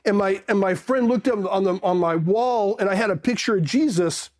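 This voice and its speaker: A middle-aged man from California recounts his past in a relaxed, casual way. His voice sits rather high for a man. He brings his anecdotes to life with little acted-out voices. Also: moderate pace. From South Pasadena, California. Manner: animated, acts out voices in his anecdotes and laughs often. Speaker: Marine Corps veteran. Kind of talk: casual storytelling.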